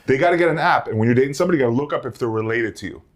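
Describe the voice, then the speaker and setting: A man born in Slovakia and raised in Queens, co-hosting a podcast and telling stories in a playful, animated way. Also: mid-range voice, rapid-fire. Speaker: podcast co-host. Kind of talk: casual chat.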